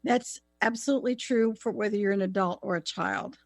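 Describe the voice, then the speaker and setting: A woman's voice: medium pitch, fairly quick, creaky, no echo. A woman hosting a radio talk show, encouraging her co-host as she tells a story. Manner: warm, encouraging interviewer.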